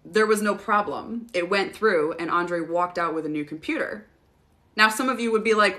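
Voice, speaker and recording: A young woman hosts a casual livestream, telling stories, answering viewer questions, swearing freely and laughing a lot. Her voice is mid-range and sharp-toned, at a moderate pace.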